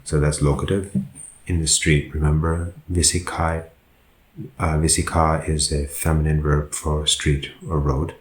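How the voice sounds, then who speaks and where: A monk teaching a Pāli grammar lesson, working through sentences slowly and methodically and pausing to correct himself. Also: male voice, very deep voice, level tone, reverberant, low-quality recording.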